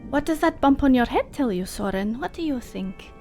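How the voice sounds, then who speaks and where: A woman's voice: high voice, animated, moderate pace, darkish tone, faint music behind. A woman game master narrating a tabletop horror game in a loose, rambling way with many fillers and asides.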